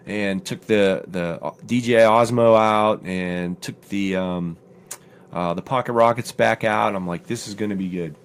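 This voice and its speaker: A middle-aged man co-hosting a studio talk show, telling a long story in a casual, animated way and jumping high in pitch when he quotes himself. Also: unhurried, clear, resonant tone. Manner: animated storyteller, acts out his own quotes with rising pitch. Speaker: podcast co-host.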